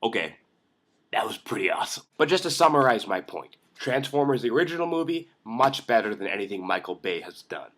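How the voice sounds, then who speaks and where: A young man hosting a comedic film commentary vlog, sarcastic and excitable, ranting with jokes. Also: mid-range voice, a little fast, noisy background. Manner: sarcastic, excitable, jokey rants. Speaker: vlog host.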